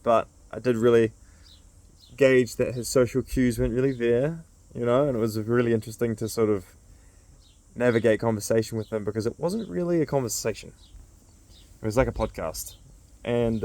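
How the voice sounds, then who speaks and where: A man's voice: mid-range voice, darkish tone, dry recording. A man who runs a men's circle, telling a casual, rambling story full of fillers.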